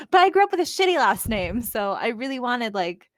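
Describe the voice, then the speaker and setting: A woman's voice: fairly high pitch, no echo, clean studio sound. A middle-aged woman telling stories in a casual chat and laughing often. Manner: giggly storyteller, laughs often.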